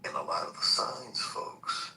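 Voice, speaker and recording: A man's voice: measured pace, sharp tone, far from the mic, a little hiss or hum, low-quality recording. A man hosting a political talk podcast, ranting in a heated, profane and emphatic way. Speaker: podcast host.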